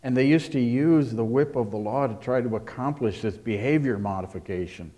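A man preaching a sermon as pastor, earnest, with quiet asides and forceful stresses. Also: mid-range voice, a little fast. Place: church service.

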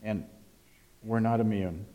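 A man preaching a sermon as pastor, earnest, with quiet asides and forceful stresses. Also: lowish voice, fairly even intonation, unhurried, narrow, tinny audio. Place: church service.

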